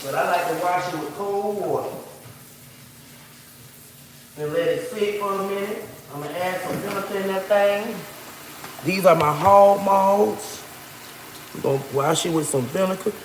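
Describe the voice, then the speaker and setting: A woman's voice: mid-range voice, moderate pace, pauses often, noisy background. Preachy woman vlogging from an echoey kitchen. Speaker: livestream vlogger. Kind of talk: casual preachy livestream chat while cooking. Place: home kitchen. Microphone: phone propped nearby.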